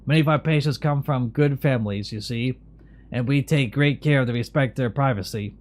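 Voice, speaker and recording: A man's voice: medium pitch, moderate pace, a little mellow, lightly acted. A man reading the lines of a weary, long-serving asylum caretaker in a game.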